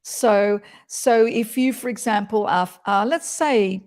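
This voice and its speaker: A woman's voice: medium pitch, takes it slowly, a little mellow. A woman voice coach explaining voice qualities in an interview, talking expressively and demonstrating as she goes.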